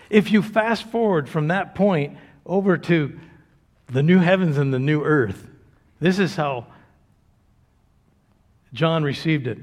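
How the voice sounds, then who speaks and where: A male pastor preaching a sermon to a congregation, drawing phrases out slowly and then rising to loud, fervent calls. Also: a little high. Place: church sanctuary before a congregation.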